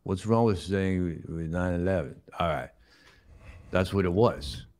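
A man playing a middle-aged tough-guy movie star who rambles in halting, mumbled restarts on a comedy show. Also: deep voice, darkish tone. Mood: rambling. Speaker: comedy sketch host. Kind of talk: improvised comedy impression.

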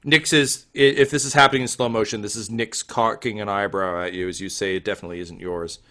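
Bright, animated male game master narrating. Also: fairly low pitch, quick pace. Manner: lively, animated, loose with fillers.

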